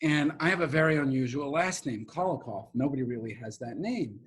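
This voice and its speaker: A middle-aged man with a New York accent, telling a heartfelt story as an interview guest, emotional and animated, acting out the people he quotes. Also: medium pitch, brisk, breathy edge.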